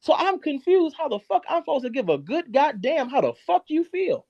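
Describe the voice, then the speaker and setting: High-pitched man in a profane rant. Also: big pitch swings, normal speed, no echo, muffled recording. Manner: heated, profane, cursing constantly; shifts abruptly between loud and quiet. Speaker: live stream host. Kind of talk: angry rant on a live stream.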